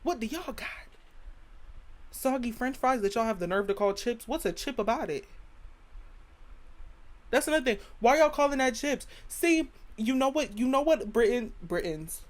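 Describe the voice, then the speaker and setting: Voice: mid-range voice, animated, normal speed. A podcast host from the United States giving a casual opinion rant in a sassy, blunt way, repeating punchlines.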